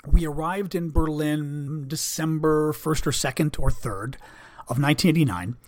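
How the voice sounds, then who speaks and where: A vlogger in his fifties who once worked as a Senate staffer tells a personal story in a relaxed monologue, speaking candidly and bluntly. His voice is on the high side and moves at a moderate pace, full of fillers and restarts.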